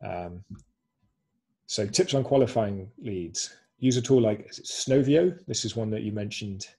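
Male webinar presenter, low-pitched, husky, explanatory, video-call sound. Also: measured pace, dark tone. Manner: explanatory, walks through screenshots.

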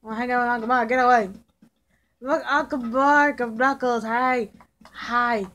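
A woman voicing a hyper, cheerful young male fox kid in in-character game commentary, excitable and pushy. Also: a little high, moderate pace, natural voice. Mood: excited. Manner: excitable, bouncy, keeps shouting questions at passers-by.

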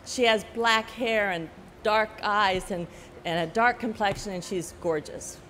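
An older woman author talking to an audience at a book festival, telling animated stories with frequent "you know" and laughing at her own anecdotes. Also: medium pitch, a little slow, a little hiss or hum. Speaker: author giving a talk. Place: large hall at a book festival. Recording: echoey hall with faint ambience.

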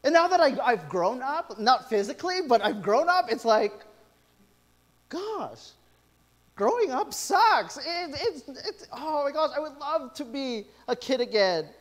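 A middle-aged man preaching from the pulpit in a fairly high voice. He tells stories with animated asides, acting out what people said. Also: a little slow. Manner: animated storytelling with quoted asides. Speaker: pastor. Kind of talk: sermon.

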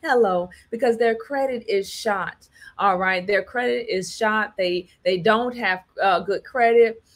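A woman's voice: medium pitch, unhurried. An emphatic woman speaking in a mid-range voice, holding forth like a preacher to her audience. She keeps checking in with her listeners and drives each point home by repeating it. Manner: preachy, repeats "all right" and "do you understand me", acts out quotes. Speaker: host. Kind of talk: emphatic commentary monologue.

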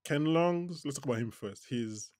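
A man co-hosting a podcast in a casual TV recap chat, animated, laughing often and restarting his sentences. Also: a little high, normal speed, dry recording, clean studio sound. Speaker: podcast co-host.

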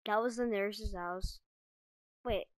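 A woman giving casual gameplay commentary, chatting to her viewers and reacting quickly as she plays. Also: mid-range voice, no room sound, low-quality recording. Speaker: gaming video creator.

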